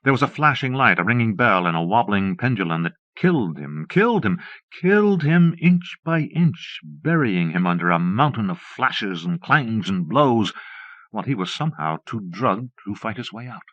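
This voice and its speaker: A man with a low voice reads a story aloud steadily and in measured phrases. The recording comes from a dull old cassette and sounds close and dry. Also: lively intonation, fairly bright tone, dry recording. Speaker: audiobook narrator. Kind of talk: audiobook narration.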